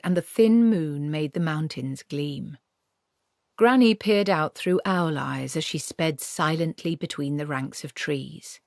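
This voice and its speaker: A woman reading a novel aloud as an audiobook narrator, in measured storytelling. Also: low-pitched, no room sound, clean studio sound.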